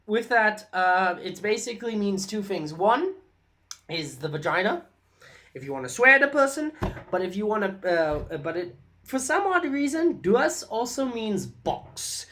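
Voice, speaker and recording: A woman's voice: mid-range voice, very animated, a little slow, a bit bright. A woman from South Africa with a South African English accent, chatting casually in a vlog, rambling and repeating words for emphasis. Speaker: vlogger.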